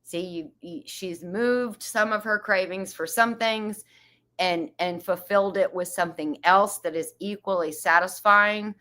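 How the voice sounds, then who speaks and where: Hosting a casual livestream, a woman reads viewer comments aloud, chatty and laughing often. Her medium-pitched voice has a sharp tone and a measured pace.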